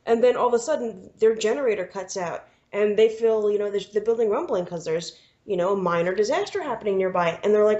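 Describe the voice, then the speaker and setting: A woman's voice: medium pitch, fairly quick, mellow. Woman, podcast co-host, casual, rambling, acts out scenes, dull lo-fi sound. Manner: rambling, acting out lines from the film. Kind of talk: casual chat.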